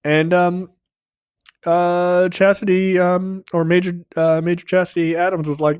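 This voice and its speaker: A man's voice: a little high, unhurried, clean tone, no echo, clean studio sound. Profane man retelling a film. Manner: profane, animated scene-by-scene retelling. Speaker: film review podcast host. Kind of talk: casual chat.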